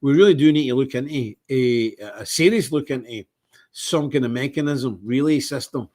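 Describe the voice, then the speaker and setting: A man's voice: medium pitch, moderate pace, darkish tone. A man with a Scottish accent hosting a casual livestream monologue, rambling with indignant outbursts. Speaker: livestream host.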